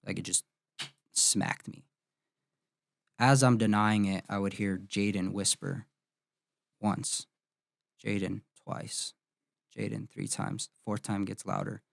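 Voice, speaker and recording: A man in his thirties, a podcast host, telling a painful personal story in an emotional, halting way with many restarts. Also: lowish voice, flat delivery, vocal fry, no room sound, clean studio sound.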